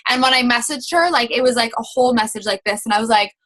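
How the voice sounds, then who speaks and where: A woman's voice: on the high side, fast talker, fairly bright tone. A young woman coaching her sales team in a casual, chatty way, with many fillers, acting out sample messages.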